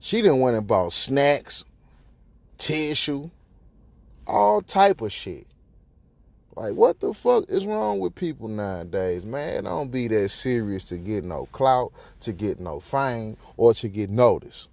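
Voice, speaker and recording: Guy ranting on his podcast, lots of cursing, gravelly voice swinging up and down, dry close sound. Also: medium pitch, slow, no echo. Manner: profane, animated, rhetorical. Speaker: podcast host. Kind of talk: casual commentary on news.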